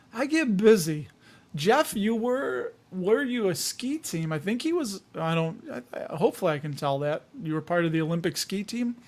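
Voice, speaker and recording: A man from the Chicago area hosting a casual livestream, reading viewer comments in a jokey, rambling way with frequent chuckles. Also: a little high.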